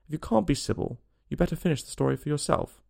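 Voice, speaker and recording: A man voicing a sleepy, sulky little dormouse with a hoarse, feeble voice. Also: a little high, very animated, normal speed, a little mellow, pitched above the performer's own voice, full character voice.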